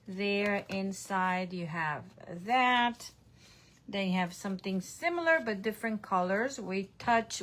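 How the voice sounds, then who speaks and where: A woman's voice: mid-range voice, slight background noise. A woman demonstrator casually recapping her card projects to camera from her home craft room, with lots of ums and self-corrections. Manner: chatty, showing cards, frequent ums and self-corrections. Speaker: online stamping demonstrator.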